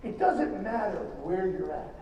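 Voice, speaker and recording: A man giving an emphatic, rambling motivational speech to an audience, with halting restarts. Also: high voice, sing-song, highs cut off. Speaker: motivational speaker at a business event. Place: large hall. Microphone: distant from the microphone. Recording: echoey hall from far off, faint noise.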